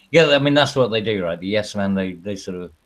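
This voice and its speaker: Low-voiced man rambling through a crude story. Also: animated, normal speed, poor audio. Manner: rambling storyteller, crude humor, frequent laughs. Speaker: stream host. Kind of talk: casual banter on a livestream.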